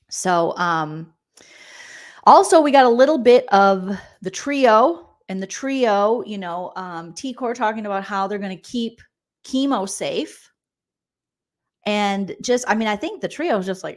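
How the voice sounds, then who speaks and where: A woman in her forties hosting a casual comedic recap of a reality show, reading viewer comments and making quick, joking asides. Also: fairly high pitch. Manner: chatty, jokey, quick asides and mock voices.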